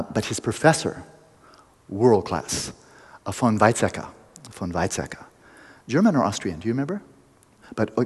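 Husky low-voiced man teaching in a hall. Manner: playful, teasing, laughs often. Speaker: meditation teacher. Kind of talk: retreat lecture with storytelling.

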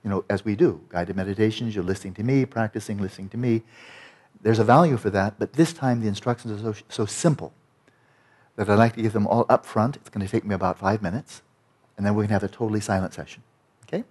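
Male retreat teacher, husky and a little breathy, emphatic and conversational, pushes his pitch up to land a point. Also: quick pace, a little mellow. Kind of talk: dharma talk to retreat students.

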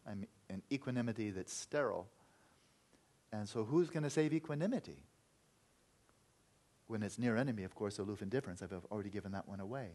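A man's voice: lowish voice, fairly quick, pauses often, a little mellow. A man teaching meditation in an earnest, reflective Buddhist talk, sometimes acting out inner voices.

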